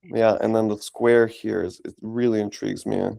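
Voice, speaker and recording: A man calmly explaining an astrology chart in a casual consultation. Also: on the low side, normal speed, vocal fry, no room sound. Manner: calm, explanatory, lists things in runs. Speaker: astrologer host.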